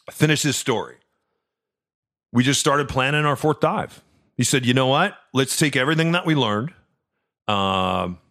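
A middle-aged man hosting a podcast, telling a personal story in a chatty way, stumbling over repeated words and dropping soft and low at the tender parts. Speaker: podcast host. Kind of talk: casual storytelling.

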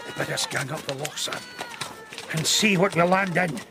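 An actor playing a timid, grumbling Scottish servant who talks fearfully in a radio drama. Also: male voice, on the high side, moderate pace, over music, natural voice. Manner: fearful, complaining, hushed.

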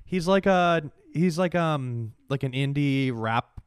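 A man's voice: on the high side, expressive, takes it slowly, clear, resonant tone, no room sound. Teasing man in crude casual banter. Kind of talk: casual chat.

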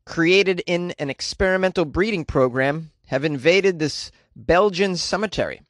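A man's voice: sits high, animated, normal speed, hardly any pauses, fairly bright tone, no room sound, clean studio sound. A man giving casual, sarcastic commentary on news stories, reading out quotes and riffing on them. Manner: sarcastic, riffing asides between read-out quotes.

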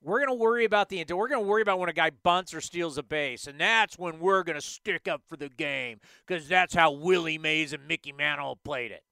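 A man hosting a sports talk show, ranting in an animated, emphatic way into a studio microphone. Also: a little high, fairly quick, few pauses, clean tone, no echo. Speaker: sports podcast host.

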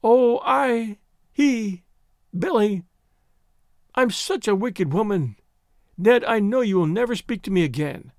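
A man's voice: sits high, wildly swooping pitch, normal speed, few pauses, dry recording, studio quality. A man voicing a distraught young woman who sobs and pleads in a raised, wavering voice. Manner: sobbing, wailing, breathless pleading.

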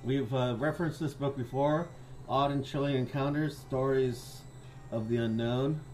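A man's voice: medium pitch, fairly even intonation, normal speed, a little mellow, slight background noise. A man co-hosting a podcast, joking crudely and reading stories aloud. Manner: crude, joking, laughs a lot. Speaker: podcast co-host.

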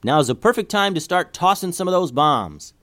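A man voicing a brisk woman fighter who shouts orders in a raised voice. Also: high-pitched, big pitch swings, no room sound, clean studio sound, voice pushed up. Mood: commanding. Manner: rallying, commanding shouts. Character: brisk female fighter leading the girls.

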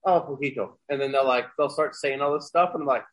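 A man's voice: mid-range voice, fairly even intonation, quick pace. A man telling a casual anecdote, his talk full of "like". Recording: dull lo-fi audio.

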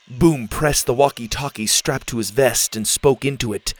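A man narrating a children's adventure storybook with a steady, expressive reading. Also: mid-range voice, moderate pace, hardly any pauses, dry recording.

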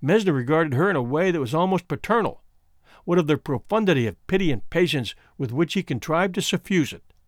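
A male audiobook narrator with a fairly high voice and animated, varied intonation, reading a classic story. The recording is close and dry with no room sound. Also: no echo. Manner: expressive, measured narration.

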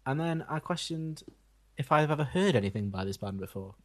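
A young man co-hosting a podcast, giving wry, deadpan song reviews. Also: a little high, brisk. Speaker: podcast co-host. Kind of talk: casual music review chat.

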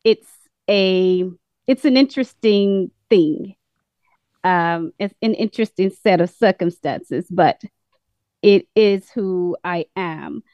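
A woman with a British-sounding accent, a caller giving a measured, earnest testimony on a call-in program. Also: medium pitch, dark tone, no room sound. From United States.

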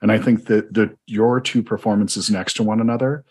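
A man's voice: fairly low pitch, steady tone, brisk, a little mellow, husky. A man from Georgia with a Southern accent, hosting a film podcast and chatting eagerly, often rambling with restarts. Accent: Southern American. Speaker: podcast host. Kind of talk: conversational film interview.

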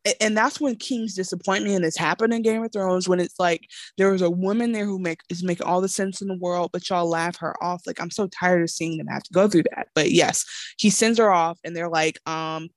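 A woman's voice: lowish voice, fairly even intonation, fairly quick, no room sound, studio quality. A young adult woman with an African American English accent, co-hosting a casual show recap and acting out characters in exaggerated voices. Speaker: podcast co-host.

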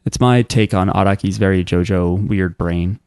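A man on a podcast chatting casually about a show, loose and relaxed with some swearing. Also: low-pitched, normal speed, smooth, no echo, studio quality. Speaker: podcast co-host. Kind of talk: casual chat.

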